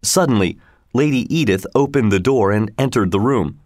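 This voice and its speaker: Man narrating a story, steady and dry. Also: fairly low pitch, normal speed, dry recording.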